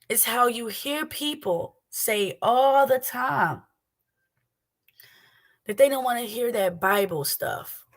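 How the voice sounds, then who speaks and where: Slow-talking woman preaching on a livestream. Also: on the high side, a bit bright. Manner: emphatic, repeats phrases, asks rhetorical questions. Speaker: host of a faith livestream.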